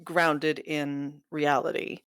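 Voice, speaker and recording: Woman, from the American Southwest, low voice, dry close sound, guest co-host, chatty, laughs often. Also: flat delivery, takes it slowly, smooth, no room sound. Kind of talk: casual book-review chat.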